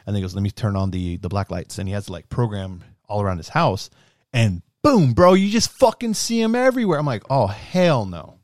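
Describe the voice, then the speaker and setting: Low-voiced dude swearing thru a laid-back chat, dry close sound. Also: male voice, sing-song, a little fast, darkish tone, no room sound. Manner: loose, profane, laughing storyteller. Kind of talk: casual chat.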